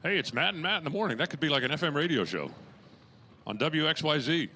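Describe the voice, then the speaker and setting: A man's voice: fairly high pitch, big pitch swings, fast, sharp tone, slight background noise. A man calling drag races as the track announcer, filling the gaps between runs with chatty jokes and puns and raising his voice as the cars launch. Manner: raises his voice during launches and finishes. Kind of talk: live race commentary.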